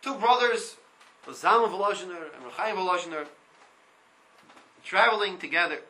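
A man giving a Torah class, reading Hebrew lines aloud and translating them, in an animated way that repeats words. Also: high voice, moderate pace, poor audio. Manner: reads Hebrew text and translates line by line. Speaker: Torah teacher.

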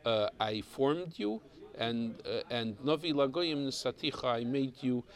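Slow, gravelly man teaching a Torah class. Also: medium pitch, lively intonation. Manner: explains Hebrew text, mixes Hebrew and English terms; halting, repeats words while thinking.

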